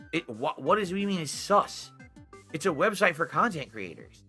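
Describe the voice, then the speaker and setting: Bright-voiced defensive male streamer. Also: on the high side, big pitch swings, moderate pace, soft background music. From Connecticut, United States. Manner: defensive, rambling, addresses chat. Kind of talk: live stream monologue.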